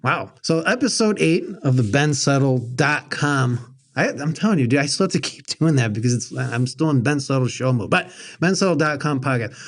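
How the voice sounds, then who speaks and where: A man's voice: mid-range voice, animated, normal speed. Man, podcast host, casual chat, blunt, joking, storytelling.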